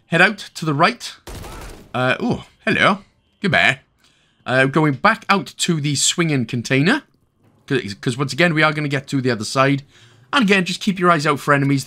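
A Welsh man narrates a casual game walkthrough in a medium-pitched, pushed and bright voice. He's chatty, tossing jokey asides and talking directly to the player as he guides them.

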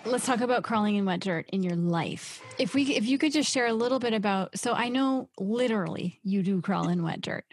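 A woman's voice: mid-range voice, a little fast, few pauses, faint music behind. A woman hosting a podcast interview, asking questions with enthusiasm. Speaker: podcast host.

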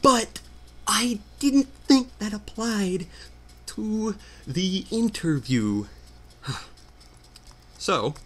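A man doing casual gameplay commentary, telling a story as an animated, exasperated rant. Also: high-pitched, extremely slow, long pauses. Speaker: let's player.

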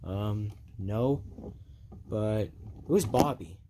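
A dazed race car who has forgotten who he is, put on by a man. He speaks slowly in a low, flat and confused way, like a home-made toy car skit. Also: background noise.

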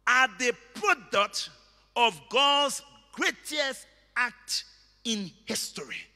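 A man preaching a sermon, emphatic and repetitive, bursting into shouted words. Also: high-pitched, big pitch swings, slow pace, in a large hall. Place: church hall.

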